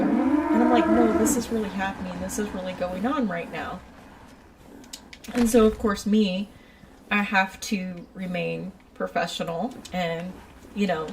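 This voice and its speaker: A woman who works in a shoe store, telling a casual, animated story about her customers and laughing often. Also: mid-range voice, normal speed, recorded from a distance, noisy background. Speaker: retail shoe store worker.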